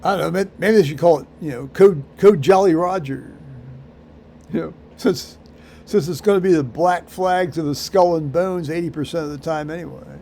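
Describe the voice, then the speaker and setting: A man rambling through a solo vlog monologue, halting with many fillers and restarts, with dry dark humor. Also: on the high side, slight background noise. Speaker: vlogger.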